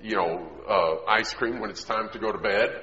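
A man preaching a sermon in an earnest way, often dropping to quiet emphasis. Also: fairly low pitch, normal speed. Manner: earnest, drops to quiet emphasis, acts out quoted voices. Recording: echoey hall, dull lo-fi sound.

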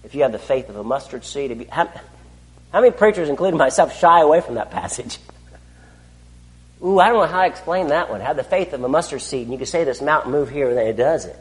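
A man preaching a sermon, asking his listeners rhetorical questions and swinging between loud declarations and hushed asides. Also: mid-range voice, animated, brisk, long reverb tail. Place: church.

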